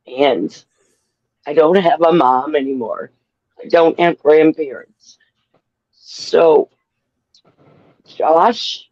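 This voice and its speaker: A man talking about his brother on a live stream, halting and crying. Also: fairly high pitch, dry recording. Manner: halting, tearful, very slow. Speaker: guest. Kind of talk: emotional live stream chat. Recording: dull lo-fi audio.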